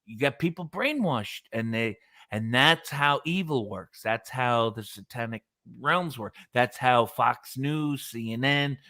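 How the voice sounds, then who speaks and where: A man's voice: medium pitch, lively intonation, unhurried, sharp tone, no room sound, clean studio sound. A man co-hosting a live talk stream, ranting in a blunt, profane and preachy way. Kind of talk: casual ranting chat.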